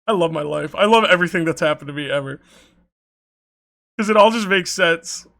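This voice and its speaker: Young male streamer, high bright voice, lively casual storytelling, cursing freely. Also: moderate pace, creaky. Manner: animated, swearing, laughing often.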